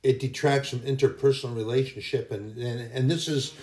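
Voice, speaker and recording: A man's voice: mid-range voice, fairly even intonation, fairly quick, darkish tone, roomy sound, slight background noise. A man hosting a casual faith podcast, telling anecdotes in a rambling way that often corrects itself. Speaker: podcast host.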